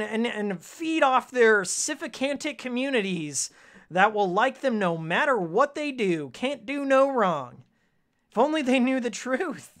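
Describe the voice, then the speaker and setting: A man's voice: very high voice, fairly bright tone. Heated ranting male game streamer. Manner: heated, ranting, sarcastic, with frequent laughs. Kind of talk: casual live-stream chat while playing.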